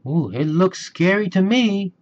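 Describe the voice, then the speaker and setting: Impatient little girl bear cub, high and pushy, swoopy voice, man doing it. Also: expressive, a little slow, darkish tone, a little hiss or hum. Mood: uneasy. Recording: dull lo-fi recording.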